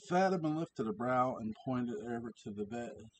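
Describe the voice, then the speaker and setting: A man reading his own story aloud at home, halting, with many ums and asides about his cats. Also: mid-range voice, lively intonation, low-quality recording.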